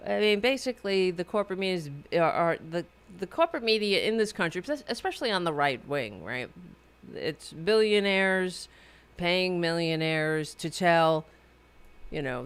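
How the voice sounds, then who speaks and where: A woman's voice: on the low side, clear, resonant tone. A woman hosting a political podcast, rambling through sarcastic commentary with many restarts. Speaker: podcast host.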